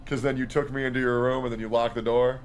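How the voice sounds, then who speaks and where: A man's voice: mid-range voice, flat delivery, quick pace. A man chatting casually with a friend, reminiscing and joking about old times. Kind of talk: casual chat.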